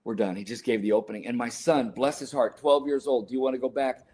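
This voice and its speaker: A man's voice: medium pitch, fast, a little mellow, slight background noise. Earnest storytelling man, emotional. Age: older. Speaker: guest, sports scientist and author. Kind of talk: storytelling in a podcast interview.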